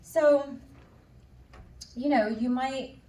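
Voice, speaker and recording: A woman's voice: sits high, fairly even intonation, drawn-out words, mellow, a little hiss or hum. A woman giving a candid personal testimony at a conference, acting out her own past dialogue and inner voice. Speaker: conference speaker. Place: conference hall. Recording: echoey hall, voice from far off.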